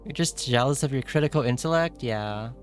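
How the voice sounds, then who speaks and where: A man streaming a story game live, reacting in a playful, excitable way with jokey asides. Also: mid-range voice, a little fast, soft background music. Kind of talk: live playthrough commentary.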